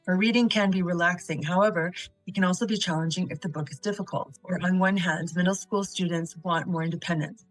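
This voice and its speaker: Woman, writing teacher for a video lesson; lowish voice, dry close sound, methodical delivery, reads examples and quiz answers aloud. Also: fairly even intonation, a little fast, no room sound, soft background music, rough recording. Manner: quizzes the viewer, then gives answers.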